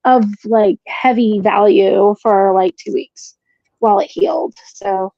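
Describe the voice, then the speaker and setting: A woman's voice: medium pitch, takes it slowly, gravelly, dry recording, muffled recording. A woman co-hosting a live sewing stream, telling a rambling story in casual chat. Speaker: co-host.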